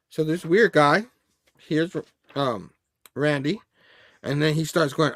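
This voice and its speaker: A man hosts a loose, chatty comic review, chuckling often as he reads out panels. His voice sits somewhat high for a man, and the close recording is dry with no room sound. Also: slow pace, pauses often, fairly bright tone, no echo. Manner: rambling, laughing, reads panels aloud. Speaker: host. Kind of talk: casual comic book review.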